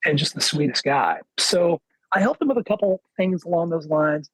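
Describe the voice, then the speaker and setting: A man's voice: fairly high pitch, moderate pace, dry recording, poor audio. A middle-aged man, a guest guitarist, telling stories in a casual interview and acting out what others said. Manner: lively anecdote teller, acts out quoted dialogue.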